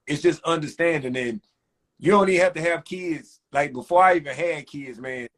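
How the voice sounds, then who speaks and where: A man hosting a podcast, chatting casually and stacking quick repeated words as he builds to each point. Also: on the high side. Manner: animated, repeats words when starting a point. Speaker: podcast host and barber. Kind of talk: casual chat. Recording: phone-streamed live chat.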